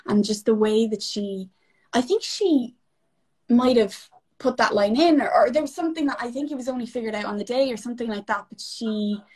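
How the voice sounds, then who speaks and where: A young adult actress in casual chat, effusive and rambling, full of fillers and restarts. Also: female voice, fairly high pitch, brisk, darkish tone, slightly rough. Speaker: actress guest. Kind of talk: casual chat among actors.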